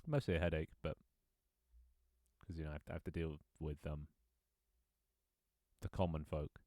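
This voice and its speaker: Joking low-voiced man chatting over a game. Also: flat delivery, moderate pace, a little mellow, dry recording, studio quality. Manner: playful, joking, chuckles often. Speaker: gaming streamer. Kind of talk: casual gameplay chat.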